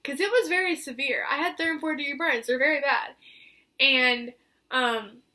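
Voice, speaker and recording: A woman's voice: sits high, moderate pace, bright, forceful tone. A young woman telling a personal story to camera in a chatty, filler-heavy way, acting out what others said. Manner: chatty, filler-heavy, acts out quoted voices. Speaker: vlogger.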